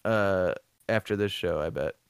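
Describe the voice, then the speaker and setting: A man's voice: low voice, unhurried, smooth, no room sound, studio quality. A man co-hosting a casual podcast chat, rambling and profane, often laughing. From American Midwest. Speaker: co-host.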